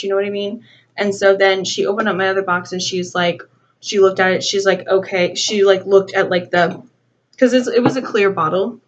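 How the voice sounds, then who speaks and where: A woman's voice: mid-range voice, normal speed, a little hiss or hum. Young woman ranting, lo-fi audio. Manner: animated, acts out both sides of a dialogue, heavy use of "like". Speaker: beauty vlogger. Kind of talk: casual storytime rant. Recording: slightly dull lo-fi home video audio.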